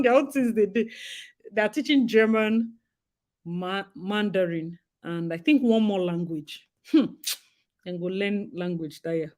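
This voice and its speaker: A Nigerian woman co-hosting a talk show, chatting in a lively, dramatic way with frequent laughs and asides. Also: medium pitch. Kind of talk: casual chat.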